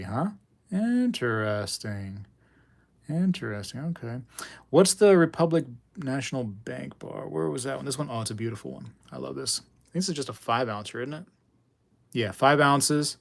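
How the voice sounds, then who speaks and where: A man hosting a coin livestream, rambling and joking with viewers in casual chat. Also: medium pitch. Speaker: coin channel host.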